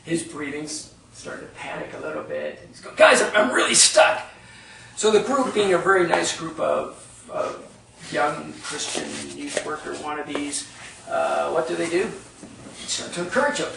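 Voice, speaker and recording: A man's voice: fairly high pitch, expressive, normal speed, gravelly, distant mic, noisy background. A man leading a workshop, telling a story to a live audience in a conversational way and often checking in with "right?". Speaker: workshop leader. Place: retreat meeting room with live audience. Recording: echoey room, speaker off-mic.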